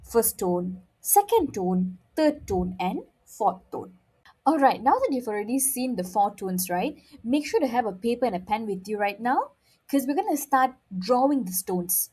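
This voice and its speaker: A woman's voice: a little high, sing-song, moderate pace, darkish tone, breathy edge. A woman teaching a friendly beginner Mandarin lesson, often checking in with "okay?" in a playful, encouraging way.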